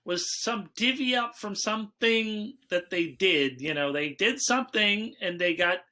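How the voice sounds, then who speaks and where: This man hosts a casual movie-review podcast, loosely recapping the plot with fillers and asides. His high voice sounds pushed and bright, and he takes his time.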